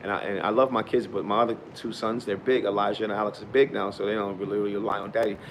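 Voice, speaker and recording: A middle-aged man vlogging in a casual, rambling way, swinging from loud preachy bursts to quiet, mumbled reflection. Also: lowish voice, little pitch movement, quick pace, slight background noise.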